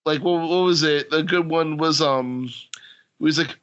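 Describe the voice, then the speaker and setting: A man's voice: a little high, normal speed, a bit bright, clear, resonant tone. A man co-hosting a podcast, chatting about a book in a laid-back, loose way. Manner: laid-back, laughing often, loose with words. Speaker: podcast co-host. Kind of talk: casual chat about books.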